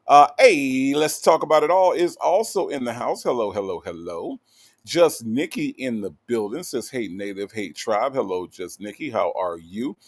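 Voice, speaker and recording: A man runs a relaxed livestream, greeting viewers and reading their comments aloud. He talks in an animated, teasing way, full of fillers, and keeps checking in with a quick "okay?". His voice sits at an ordinary pitch for a man. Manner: animated, playful, with lots of "okay?" tags and fillers. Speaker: livestream host.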